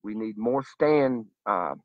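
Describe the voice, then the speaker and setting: A man's voice: fairly low pitch, animated, slow pace, no room sound, narrow, tinny audio. A man delivering a fired-up, profane, preachy monologue to his viewers. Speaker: vlogger. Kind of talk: impassioned monologue to camera.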